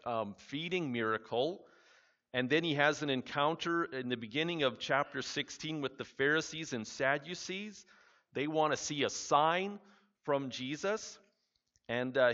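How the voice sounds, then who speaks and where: Guy preaching and reading bible verses, echoey hall, kinda dull muffled audio. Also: medium pitch. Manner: reads scripture aloud, then comments in a relaxed conversational way. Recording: reverberant hall, dull lo-fi sound.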